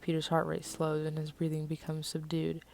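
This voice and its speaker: Brief: a woman reads her own fiction aloud, low-pitched, gravelly. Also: completely flat delivery, moderate pace, darkish tone, soft background music. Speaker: author reading her story. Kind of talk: casual reading of own fiction.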